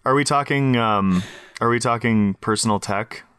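A man's voice: medium pitch, a bit bright, smooth, no echo, clean studio sound. A man from Canada co-hosting a podcast in casual, jokey chat, laughing often. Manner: chatty, jokey, quick to laugh. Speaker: podcast co-host.

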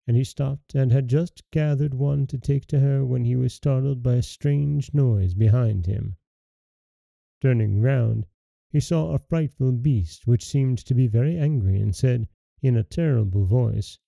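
A man hosting a folktale podcast, reading a fairy tale aloud in a measured, gentle storytelling way. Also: medium pitch, creaky, no echo. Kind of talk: scripted narration.

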